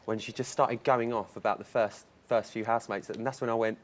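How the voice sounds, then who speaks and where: A man's voice: medium pitch, fairly even intonation, brisk. A man hosting a panel show, teasing his guests with laughing banter. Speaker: host. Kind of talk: live panel show chat.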